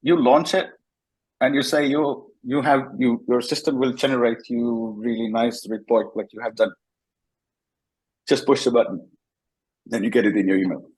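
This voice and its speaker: A man, a guest in a casual interview, telling animated stories with frequent restarts. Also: mid-range voice, moderate pace, vocal fry, pauses often, breathy edge, rough recording.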